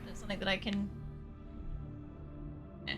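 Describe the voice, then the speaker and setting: A woman's voice: mid-range voice, very animated, normal speed, faint music behind. A woman streaming a video game, muttering to herself, swearing freely and humming little nonsense tunes while she plays. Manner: hums and sings nonsense sounds while playing. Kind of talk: live gameplay commentary.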